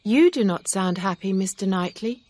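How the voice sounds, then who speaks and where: An earnest young gentlewoman , voiced by a woman reading aloud, speaks up in a lifted, clear tone. Her lines sit higher and fuller than the storyteller's low narration. The delivery is a sincere audiobook reading. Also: lively intonation, moderate pace, no room sound, close to an everyday voice.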